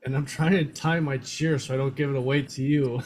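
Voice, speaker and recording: A man co-hosting a live match watch-along. He talks in a relaxed way, chuckles often and asks simple questions. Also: medium pitch, a little fast. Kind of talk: casual watch-along chat.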